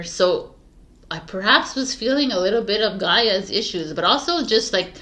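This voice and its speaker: A woman's voice: medium pitch, animated, moderate pace, pushed and bright. A woman tarot reader hosting a weekly reading, chatting casually to camera, laughing and restarting her greeting. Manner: giggly, flustered, restarting intro.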